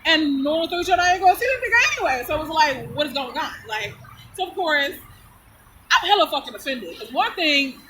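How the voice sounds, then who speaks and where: A woman's voice: sits high, brisk, background noise. A woman chatting casually through a personal story, blunt and profane, laughing often as she retells it. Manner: animated, lively retelling. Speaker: storyteller vlogger.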